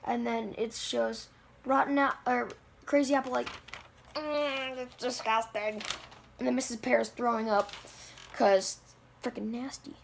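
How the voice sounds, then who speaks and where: A woman rambles through the story of a comic she drew, full of fillers and self-deprecating asides. Her voice is high, with a gravelly, fry-laden texture. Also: fairly even intonation, moderate pace, a little hiss or hum. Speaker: channel owner. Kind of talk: rambling home-video storytelling.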